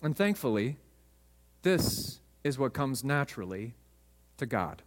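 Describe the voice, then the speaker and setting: A man's voice: mid-range voice, big pitch swings, a little slow. Man preaching in a reverberant hall. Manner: storytelling, emphatic. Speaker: pastor. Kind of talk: sermon.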